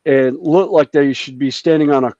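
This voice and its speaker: A man from a hobby group rambles through a casual anecdote on a group video call, full of fillers and restarts. His voice is fairly high and warm at a moderate pace, and the video-call mic audio sounds dull and dry.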